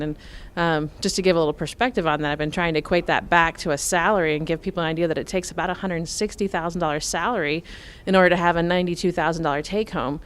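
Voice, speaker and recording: A middle-aged woman from Nebraska answering interview questions about farm finances in a measured, explanatory way, with frequent fillers. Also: deep voice, a little hiss or hum. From Nebraska, USA. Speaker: farm finance expert, guest.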